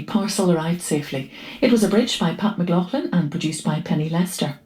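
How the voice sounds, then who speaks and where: A radio presenter rounds off a programme in a relaxed, chatty, conversational manner. The voice sits in a middle pitch and stays easygoing throughout. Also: brisk, soft background music, low-quality recording. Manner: chatty, conversational, hums a tune. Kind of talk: casual broadcast presenting.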